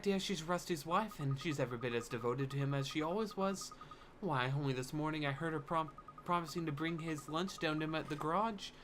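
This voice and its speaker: A man's voice: on the high side, a bit bright, a little hiss or hum, voice pushed up, natural voice. A man voicing a chatty old neighbor woman who rambles on in fussy gossip.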